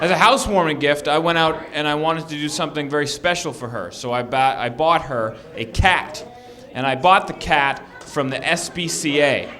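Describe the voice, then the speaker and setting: A man performing a stand-up comedy set, telling animated stories and acting out shouting characters. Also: a little high, moderate pace, a crowd in the background.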